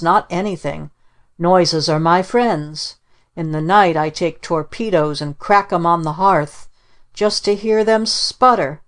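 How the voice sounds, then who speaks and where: A woman voicing a restless, defiant little boy who bursts out boasting and shouting in an audiobook. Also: on the low side, natural voice. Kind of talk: audiobook character reading.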